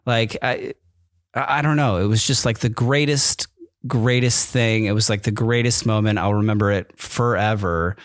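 This podcast host has a fairly low, steady voice and a moderate pace as he tells a personal story in a casual, meandering style packed with fillers and restarts. The recording is studio quality, echo-free, made with a microphone with camera.

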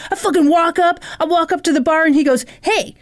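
A woman's voice: very high-pitched, fairly quick, pitched above the performer's own voice. Woman doing a furious foul-mouthed gym bro. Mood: ranting. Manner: profane shouted ranting. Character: loud foul-mouthed aggressive young man ranting. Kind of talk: comic retelling in a podcast.

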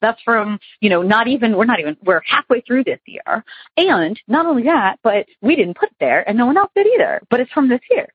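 A woman's voice: a little high, very animated, a little fast, husky, no echo. A young adult woman calling in to tell a ghost story, chatty and rambling with many fillers, over a phone line. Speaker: caller telling a ghost story.

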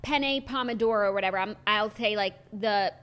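A woman's voice: mid-range voice, fairly quick, fairly bright tone, smooth. A woman co-hosting a podcast in casual chat, musing aloud and hesitating with fillers. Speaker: podcast co-host.

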